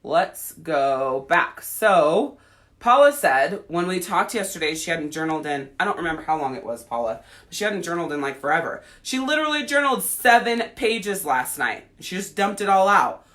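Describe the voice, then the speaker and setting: A woman's voice: lowish voice, very animated, moderate pace, fairly bright tone. A woman life coach on a livestream, answering viewer comments, talking bluntly with heavy swearing. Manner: blunt and heavily profane, acting out quoted voices.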